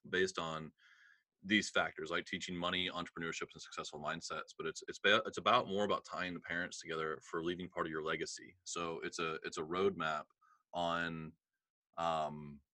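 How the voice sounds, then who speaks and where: A middle-aged man with a very deep but bright, forceful voice, recorded dry and close. He tells a story excitedly and animatedly in casual chat. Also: no echo. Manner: excitable, laughing, animated retelling. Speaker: podcast host.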